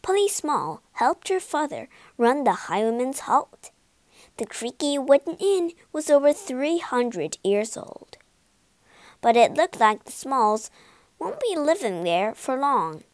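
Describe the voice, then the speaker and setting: Lively woman reading a ghost story. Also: high voice, slow pace, no echo. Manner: lively, expressive reading, whispering some lines. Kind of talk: children's story reading with character voices.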